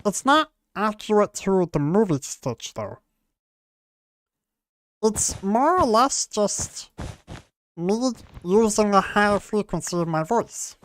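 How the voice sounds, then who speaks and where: A man's voice: sits high, sing-song, slow pace, long pauses, no room sound. A man chatting casually on a live stream, rambling and trailing off, with a quirky way of talking. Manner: rambling, trails off and restarts often; talks with many quirks, by his own account.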